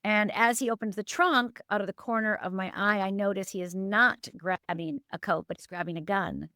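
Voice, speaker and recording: A middle-aged woman from Upper Michigan, USA, a life coach, shares an emotional, painful life story as a podcast guest, earnest and emphatic with sudden jumps and dips in pitch. Her tone is steady, pushed and bright at a moderate pace, and the recording is dry.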